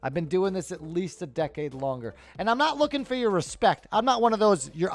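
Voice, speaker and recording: A man in his thirties talks through a live market stream in a loose, tired way. He swears freely and works himself up into heated rants. His voice sits a little high, with faint music playing underneath. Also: fast, no room sound. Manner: profane, ranting, animated. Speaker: livestream stock trading host. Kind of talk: casual live market commentary.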